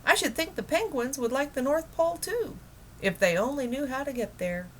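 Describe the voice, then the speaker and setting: A woman's voice: high-pitched, animated, moderate pace, fairly bright tone, a little hiss or hum, pitched above the performer's own voice. A woman reading a children's book aloud, voicing an eager, dreamy middle-aged man who is enthusiastic about penguins. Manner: enthusiastic, wondering.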